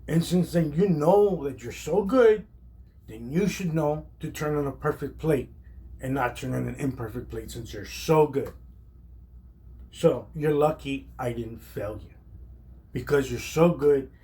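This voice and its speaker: A man retelling the words of a calm, blunt male chef instructor in a level, lecturing way that repeats its point. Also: on the high side, a little slow. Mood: stern lecture.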